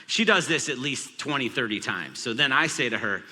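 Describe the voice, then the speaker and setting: A man's voice: mid-range voice, expressive, normal speed, sharp tone. A man in his thirties, a pastor, telling a humorous family story in a sermon. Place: large church auditorium. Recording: long hall reverb.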